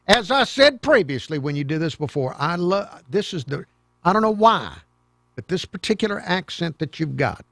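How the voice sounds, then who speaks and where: A male talk radio host speaks in a rambling, repetitive folksy monologue. His voice sits a little high and has a gravelly fry, heard close and dry. Soft music plays underneath. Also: dry recording. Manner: chatty, rambling, repeats himself.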